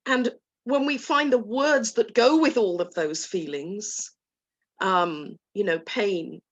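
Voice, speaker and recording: A woman coach talking gently and soothingly to an online group, voicing soft inner dialogue. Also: medium pitch, slow pace. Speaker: guest coach. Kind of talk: talk to a live online group.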